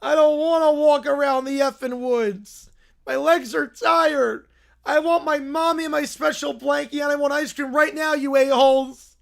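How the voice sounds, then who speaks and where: Male streamer putting on a crude, demanding storybook bear: high-pitched, gravelly, bratty and loud. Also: expressive, unhurried, exaggerated voice. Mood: whiny. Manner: whiny, shouty, crude. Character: bratty whiny little brown bear, demanding princess.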